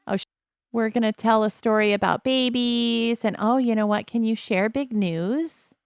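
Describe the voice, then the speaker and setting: A woman's voice: fairly high pitch, moderate pace, smooth, no room sound, clean studio sound. A middle-aged woman casually commenting on a life-simulation game, chatty and wry, laughing often and slipping into character voices. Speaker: let's play host.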